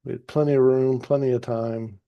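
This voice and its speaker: A man calmly narrating a trade replay as a trading teacher, easygoing and explanatory with some fillers and restarts. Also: mid-range voice, fairly quick, vocal fry, muffled recording. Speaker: trading educator. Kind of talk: narrated chart walkthrough.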